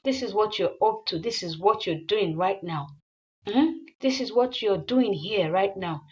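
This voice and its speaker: A woman's voice: medium pitch, measured pace, dull audio, close to an everyday voice. A woman voicing an accusing young woman. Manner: loud, accusing, repeating herself. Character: angry young woman confronting her man.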